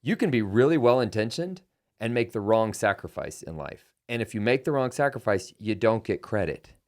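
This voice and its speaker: A man's voice: on the low side, moderate pace. A middle-aged man hosting a podcast, telling a personal story and acting out quoted dialogue. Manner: animated, acts out quoted dialogue. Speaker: podcast host. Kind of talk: conversational storytelling.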